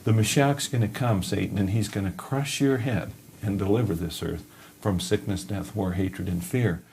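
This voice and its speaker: A man's voice: on the low side, moderate pace, gravelly, noisy background. Stern male God, solemn rebuke, read by a male preacher.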